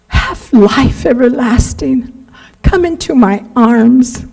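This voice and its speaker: A woman preacher delivers an earnest sermon in a church at an unhurried pace. Her voice is warm and dark with a gravelly edge. She pleads with her listeners and stretches out the words she wants to land. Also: a little high, lively intonation, rough recording. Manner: earnest, pleading, drawn-out emphasis. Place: church sanctuary.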